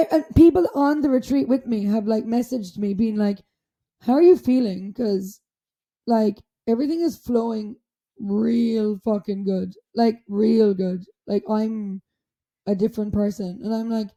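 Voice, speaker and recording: Bubbly high Irish woman, sweary chat. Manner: animated, swears freely, many filler "like"s. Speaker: podcast co-host. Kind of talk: casual chat.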